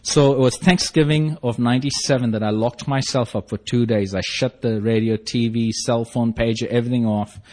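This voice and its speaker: A man's voice: medium pitch, steady tone, moderate pace, hardly any pauses, a little mellow. A middle-aged man giving a personal recovery testimony, telling his story earnestly and rising into fervent bursts. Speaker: recovery meeting speaker.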